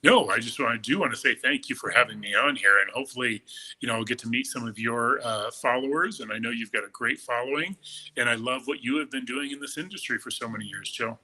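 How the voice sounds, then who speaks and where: A middle-aged man speaks with a bright, forceful tone and plenty of gushing enthusiasm. His pitch sits right in the usual middle for a man. He talks casually as a guest in an interview. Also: fast, slightly rough, poor audio. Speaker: makeup artist guest.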